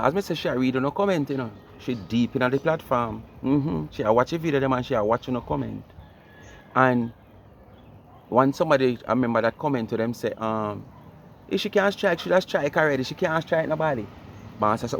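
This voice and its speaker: A man's voice: mid-range voice, normal speed, creaky, a little hiss or hum. A Jamaican man explaining his point in casual commentary, lecturing and asking rhetorical questions.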